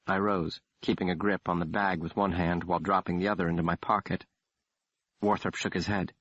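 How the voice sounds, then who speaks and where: Low-voiced male audiobook narrator. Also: flat delivery, fairly quick, a bit bright. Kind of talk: scripted narration. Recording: dull, dry studio read.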